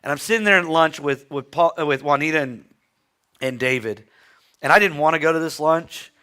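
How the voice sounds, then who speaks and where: A man's voice: on the high side, fairly quick, bright, forceful tone. A man preaching a sermon in a church, telling a personal story in an earnest, heartfelt way. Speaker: pastor. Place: church sanctuary.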